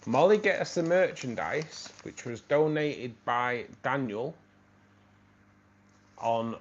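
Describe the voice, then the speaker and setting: A man's voice: medium pitch, expressive, slow pace. Chatty man hosting a live stream. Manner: chatty, thanking viewers by name, laughs at his own jokes. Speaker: livestream host. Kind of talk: casual live-stream chat. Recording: slightly dull stream audio with faint noise.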